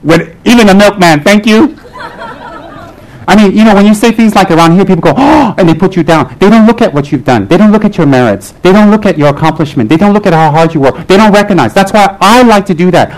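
A man teaching as a Buddhist lama, his voice sitting a touch high for a man. He jokes with his audience in an animated way and hammers his points with repeated rallying phrases. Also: fast, rough recording. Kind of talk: live humorous dharma talk to an audience.

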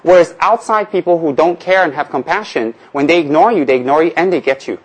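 A man's voice: fairly high pitch, a little fast, poor audio. Male Buddhist teacher from Tibet, casual humorous talk, asks and answers his own questions. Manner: humorous, rhetorical questions, repeats phrases.

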